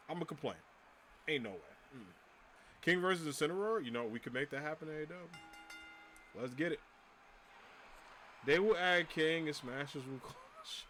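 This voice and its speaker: A man's voice: medium pitch, fairly bright tone, a little hiss or hum. A man chatting casually on a livestream, ranting animatedly, swearing and laughing often.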